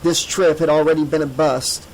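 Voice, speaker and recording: A man reading an audiobook in a measured, steady voice. His voice sits somewhat high for a man, with a faint room tone behind him. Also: slight background noise, poor audio. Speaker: audiobook narrator. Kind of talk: scripted narration.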